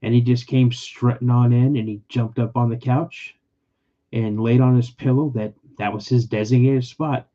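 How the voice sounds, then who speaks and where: A man's voice: mid-range voice, fairly even intonation, moderate pace, mellow, lo-fi sound. A man hosting a casual livestream podcast, rambling and emotional, often repeating himself as he tells personal stories. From California. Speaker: podcast host.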